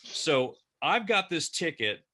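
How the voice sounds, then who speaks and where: A man co-hosting an interview, telling a personal anecdote in a lively way and acting out the dialogue. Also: on the high side, slow pace. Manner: lively storyteller who acts out quoted dialogue. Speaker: co-host.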